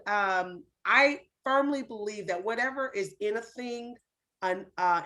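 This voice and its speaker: A woman's voice: mid-range voice, fairly bright tone. A woman host giving an emphatic, faith-driven motivational talk in a preaching manner.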